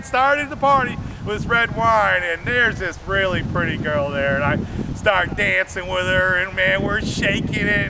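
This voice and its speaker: A man's voice: high voice, background noise. A man doing a stand-up comedy set, telling rambling stories and talking straight to the audience. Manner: rambling storytelling, addresses audience directly.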